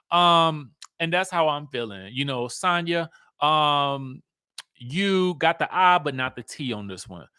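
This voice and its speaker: Sassy, bright-voiced man, dry close sound. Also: a little high, takes it slowly, clean tone, dry recording. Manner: sassy, animated, playful drawl, repeats himself. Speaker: host. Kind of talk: casual live-stream commentary.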